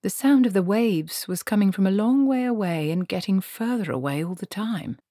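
A female audiobook narrator reads scripted fantasy in a steady, measured storytelling style. Her mid-range voice is captured in a dry, clean studio recording.

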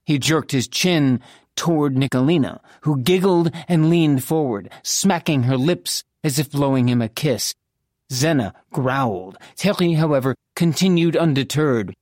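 A narrator reading a fantasy novel in the first person, in a measured, even storytelling manner. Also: mid-range voice, no echo, studio quality. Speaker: audiobook narrator.

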